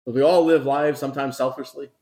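A male pastor delivering a sermon in a conversational, direct way. He keeps asking his listeners questions and checks in with them often. He repeats key words for emphasis, at a mid-range pitch. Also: steady tone, brisk, darkish tone. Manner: conversational preaching, frequent rhetorical questions and "right?"; emphatic repetition.

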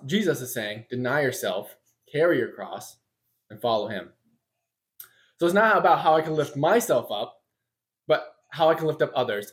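A young adult man preaching a sermon in a conversational way, with self-deprecating humor. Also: medium pitch. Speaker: pastor.

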